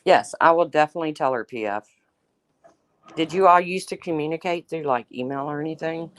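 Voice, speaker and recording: A woman with a deep voice, talking a little fast, hosts a casual livestream. She chats and teases while reading viewer comments and answering people by name.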